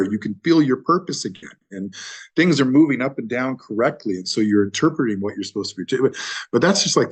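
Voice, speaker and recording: A man speaking as a podcast guest in casual conversation, animated and emphatic, with casual swearing. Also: mid-range voice, husky.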